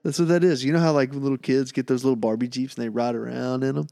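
A man's voice: mid-range voice, steady tone, fast, vocal fry, mellow, long reverb tail. A young man co-hosting a casual podcast, joking and teasing his partner. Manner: teasing, jokey. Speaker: podcast co-host. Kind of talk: casual chat.

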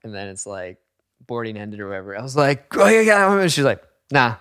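A young man telling a story in casual chat, animated and profane, acting out the people in it. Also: medium pitch, a little fast, no echo, studio quality.

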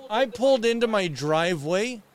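A man telling a border-crossing story in casual chat with friends, animated and swearing often. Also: high-pitched, moderate pace.

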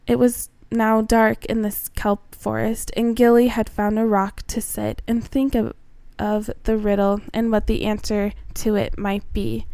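A woman reading aloud a homemade children's story in a gentle, earnest storybook manner. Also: a little high, creaky, clear, resonant tone, no echo.

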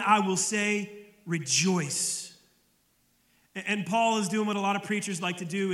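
A man's voice: high-pitched, fairly bright tone, echoey room, big-room sound. A male pastor preaching a sermon in a conversational way, often repeating words as he starts a phrase.

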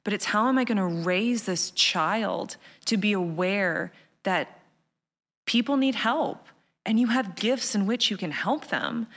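A woman's voice: fairly low pitch, fairly bright tone, in a large hall. A woman in her thirties, a podcast guest talking casually and animatedly, laughing easily and peppering her speech with "like.". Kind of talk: casual interview chat.

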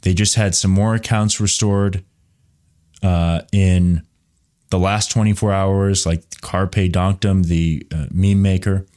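Low-voiced man hosting a live show. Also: fairly even intonation, takes it slowly, darkish tone. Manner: rambling, many fillers like "you know"; reads viewer questions from the chat. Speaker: show host. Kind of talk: live political commentary show.

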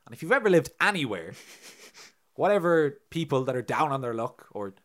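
A man's voice: medium pitch, normal speed. A man with an Irish accent, co-hosting a casual podcast and telling stories with lots of swearing, laughter and acted-out voices. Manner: animated storyteller, swearing, laughing, acting out voices. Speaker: podcast co-host.

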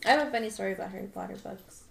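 A young woman chatting casually as a co-host, telling stories in an animated way with plenty of laughter. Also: mid-range voice, racing, gravelly. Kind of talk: casual chat. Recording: echoey room, faint noise.

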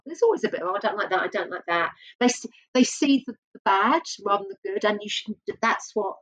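A woman's voice: fairly low pitch, a bit bright, highs cut off. A woman speaking as an interview guest, open and reflective, often restarting her sentences. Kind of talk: candid conversational interview.

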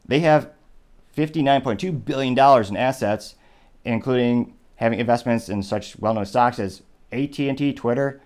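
A man's voice: mid-range voice, darkish tone. Sarcastic male political commentary host. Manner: conversational, sarcastic asides, digressions.

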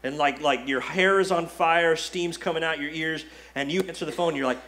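A man's voice: on the high side, a little fast, bright, forceful tone, slight background noise. A male pastor preaching a sermon in a conversational style, acting out quoted asides. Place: church sanctuary.

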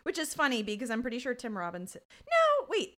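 Woman, 30s, podcast co-host: bright, animated, wry and joking. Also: fairly high pitch, very fast. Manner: wry, joking, swears casually. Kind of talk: casual chat.

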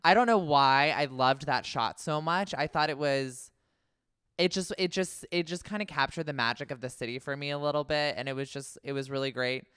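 A man's voice: a little high, brisk, fairly bright tone, smooth, no echo, clean studio sound. A man from California co-hosting a film podcast, chatting in an earnest, gushing way. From Concord, California. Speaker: podcast co-host. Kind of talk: casual chat.

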